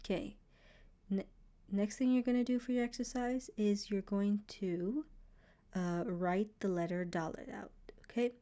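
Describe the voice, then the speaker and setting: A woman teaching a beginner Hebrew lesson, patiently repeating letter sounds slowly to show how they are pronounced. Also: mid-range voice, fairly even intonation, warm tone.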